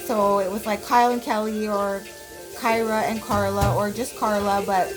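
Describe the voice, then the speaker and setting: A woman's voice: medium pitch, level tone, normal speed, over music, low-quality recording. A woman in her forties from Canada, telling blunt, profane stories from her childhood in a casual vlog, full of fillers. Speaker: vlogger.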